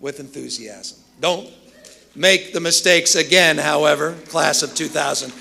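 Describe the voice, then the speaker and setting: A man's voice: on the high side, fairly even intonation, measured pace, creaky, sharp tone, slight background noise. A man delivering a commencement speech, telling emphatic stories with self-deprecating humor. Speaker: commencement speaker.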